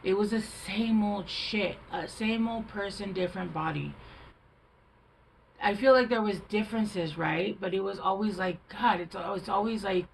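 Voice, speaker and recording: A woman's voice: mid-range voice, measured pace, vocal fry, slight background noise, rough recording. A woman doing a casual tarot reading, chatty and rambling, thinking aloud with fillers, recorded at home on a camera mic. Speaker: tarot reader.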